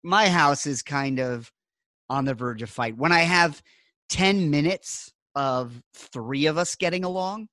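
A middle-aged man hosts a podcast, spinning rambling, wry stories full of filler words in casual chat. His voice sits on the high side with a sharp tone and a slightly slow pace. The recording is clean studio sound with no room sound.

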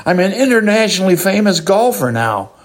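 A man's voice: sits high, sing-song, a little fast, voice pushed up. A man voicing a polite, shy male golfer who stammers apologetically in a told joke.

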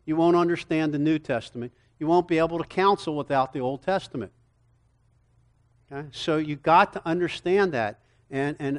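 This is a middle-aged man lecturing to counselors on a Bible book. His voice sits a bit high for a man. He moves energetically from point to point and keeps throwing rhetorical questions at the room. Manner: animated, rhetorical questions, acts out dialogue. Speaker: seminar teacher for counselors. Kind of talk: lecture-style Bible teaching.

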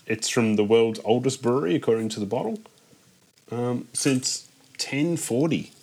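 A man's voice: medium pitch, normal speed, darkish tone, husky. A man hosting a casual chat, talking with many ums and restarts. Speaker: podcast host.

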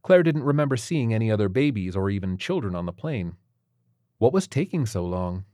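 Male audiobook narrator, low and steady, dry studio sound. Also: brisk, dry recording.

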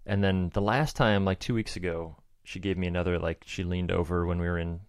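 Male co-host, soft-spoken and wry, lowish voice, dry studio sound. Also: steady tone, brisk, clear, resonant tone, no echo. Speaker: podcast co-host, pastor. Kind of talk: casual church podcast chat.

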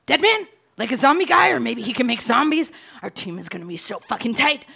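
A woman's voice: a little high, very animated, brisk, creaky, bright, forceful tone, heavily acted. A woman playing a cocky, foul-mouthed young wannabe supervillain in a comedy audio drama. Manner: cocky, swearing constantly. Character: brash foul-mouthed young villain wannabe, gun-waving mugger.

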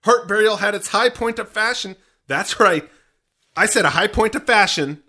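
A man's voice: sits high, expressive, sharp tone. A man hosting a podcast, joking and rambling in casual banter. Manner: jokey, rambling, quick voice changes for bits. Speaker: podcast host.

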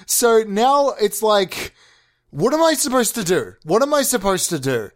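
A crude, incredulous prime minister, as a young man plays him, rambling in a loose comedy bit. The voice sits a little high for a man, full of casual swearing and disbelief. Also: big pitch swings, a little slow. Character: crude, bewildered new male prime minister. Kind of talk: improvised comedy monologue.

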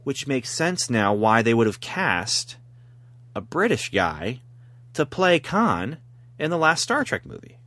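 A man's voice: medium pitch, very animated, slow, a bit bright, no room sound. Man chatting casually, dry close sound. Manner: rambling storyteller who laughs at his own jokes. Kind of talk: casual chat.

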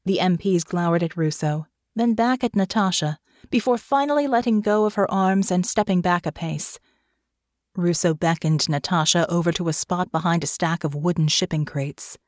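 A woman giving scripted fantasy narration for an audiobook in a measured, steady way. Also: lowish voice, dry recording, clean studio sound.

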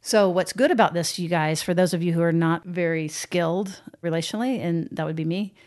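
A woman co-hosting a podcast, explaining ideas in a calm, reflective and self-critical way. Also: fairly low pitch, brisk. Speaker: podcast co-host. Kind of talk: casual podcast conversation.

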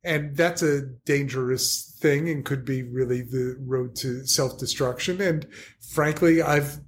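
A man's voice: mid-range voice, unhurried, a little hiss or hum. A man hosting a podcast, speaking in a reflective, hesitant way with many fillers. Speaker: podcast host. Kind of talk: casual conversation.

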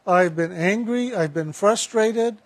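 Guy quoting his proud frustrated boss, blunt, highish voice, dry sound. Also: takes it slowly, no room sound, exaggerated voice. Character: demanding male business owner, proud and frustrated.

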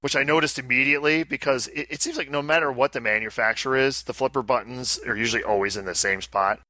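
Man, casual podcast host, bright tone, dry close recording, rambling and chatty. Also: mid-range voice, steady tone, fast, dry recording. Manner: rambling, self-interrupting, chatty. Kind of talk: casual chat.

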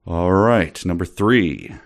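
Host, male, very deep, casual, reads excerpts with playful theatrical flair. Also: takes it slowly. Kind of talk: reading excerpts aloud in casual chat.

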